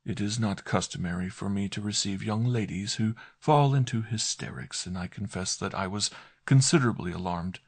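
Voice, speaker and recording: A man voicing a pompous, smooth-talking older male doctor who speaks in an unctuous, oracular way in a storybook reading. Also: lowish voice, normal speed. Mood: smooth menace.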